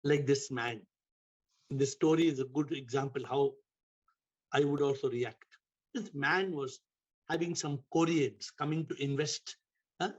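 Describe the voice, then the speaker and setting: A man's voice: mid-range voice, a little slow, long pauses. A man giving a spiritual talk over a video call, telling a story with emphatic repetition, in dull lo-fi call audio. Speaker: spiritual teacher.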